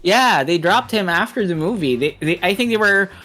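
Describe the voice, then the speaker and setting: A co-host in a casual movie podcast, talking crudely with quick reactions. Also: medium pitch, expressive, pushed and bright, faint music behind.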